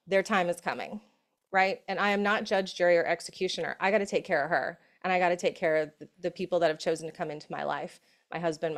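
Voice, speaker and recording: Middle-aged woman, motivational summit talk, chatty with frequent "right?", drops to soft hushed affirmations. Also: lowish voice. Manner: warm, conversational, often asks "right?". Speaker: summit speaker. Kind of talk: motivational talk on breath and safety.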